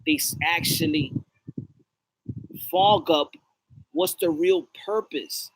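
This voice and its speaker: A man's voice: high-pitched, sing-song, slow pace, gravelly, background noise. A man co-hosting a podcast, talking in a rambling, preachy, repetitive way. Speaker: podcast co-host. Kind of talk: casual chat.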